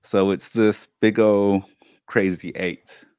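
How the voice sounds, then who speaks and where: A man co-hosting a talk show, telling a personal story in a casual, animated way and acting out the family members he quotes. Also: lowish voice, slow, clean tone, no echo, clean studio sound. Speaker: co-host.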